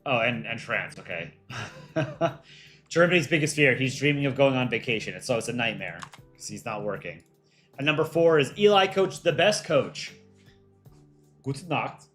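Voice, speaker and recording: A man in the middle of his range hosts a relaxed livestream, reading out fan entries one by one. He reacts with dry little jokes as he goes. Faint music plays underneath, with keyboard clicks now and then. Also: mid-range voice, normal speed. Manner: chatty, reads out entries and reacts with light jokes. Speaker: livestream host judging fan art. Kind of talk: casual livestream commentary.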